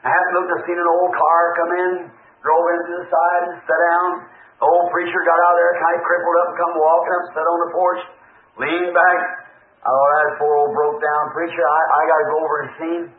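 A preacher tells a folksy, animated sermon, acting out each voice in his stories. His voice sits high for a man. It comes through a thin, tinny old recording full of church echo. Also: fast. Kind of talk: storytelling sermon.

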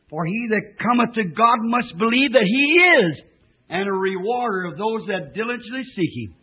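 A man preaching a fervent revival sermon that rises to shouts. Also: high voice. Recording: tinny lo-fi old tape recording.

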